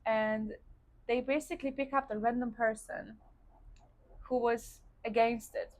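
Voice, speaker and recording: A woman's voice: a little high, fairly even intonation, measured pace, a little mellow. A woman from Poland with a Polish accent, telling her personal story to viewers in a casual, chatty way while eating on camera. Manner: chatty, addresses viewers as guys, frequent likes. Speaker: vlogger. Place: indoors, seated eating on camera.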